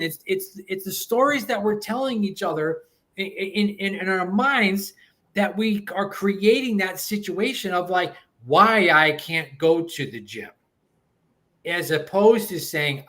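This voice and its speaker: A man's voice: high voice, animated, measured pace, bright, forceful tone. A man co-hosting a talk show, speaking in a preachy, motivational way that often repeats itself. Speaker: co-host. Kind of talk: casual chat.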